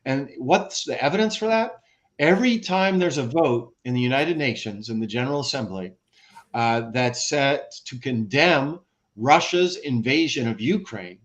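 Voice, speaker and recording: Animated American man, talkative guest. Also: medium pitch. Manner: animated, lists examples, frequent restarts. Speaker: guest, former ambassador and author. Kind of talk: conversational podcast interview.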